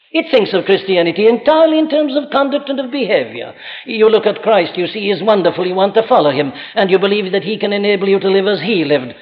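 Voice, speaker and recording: A man's voice: high voice, long reverb tail, lo-fi sound. A man preaching an evening sermon, earnest and insistent, pressing rhetorical questions on his listeners. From Wales.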